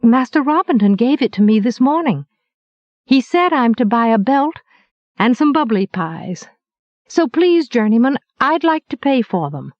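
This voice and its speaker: A woman's voice: on the high side, big pitch swings, unhurried, no room sound, dull audio, pitched above the performer's own voice. A woman voicing a shy earnest teenage girl.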